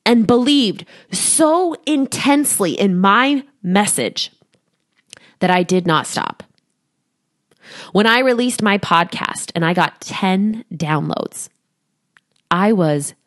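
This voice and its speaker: A woman in her thirties hosting a solo podcast as a coach, talking to a studio microphone, animated, often laughing and acting out quoted voices. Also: mid-range voice.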